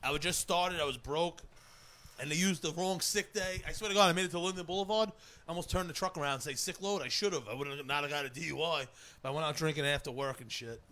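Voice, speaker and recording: A man's voice: fairly high pitch, quick pace, bright, forceful tone. A man co-hosting a podcast, rambling through profane stories in casual chat and laughing often. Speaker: podcast co-host.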